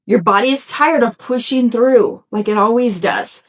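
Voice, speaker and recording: A middle-aged woman with a slightly raised pitch speaks as a podcast host. She gives a motivational self-help talk in a warm-hearted, conversational way, addressing listeners directly and often asking "right?". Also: normal speed. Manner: encouraging and conversational, talks straight to listeners; folksy, with frequent "y'all" and "right?".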